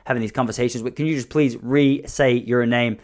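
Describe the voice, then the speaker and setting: A man voicing an impatient male coffee shop worker with a flat, clipped and dismissive manner. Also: medium pitch, fairly quick, lightly acted. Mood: curt.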